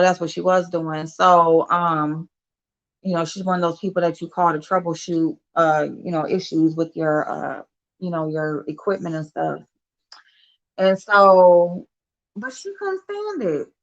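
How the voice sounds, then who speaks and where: Chatty swearing woman, dull lo-fi sound. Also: lowish voice. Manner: loud and expressive, laughs a lot, swears casually. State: yawning, tired. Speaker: vlogger. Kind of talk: casual chat to viewers.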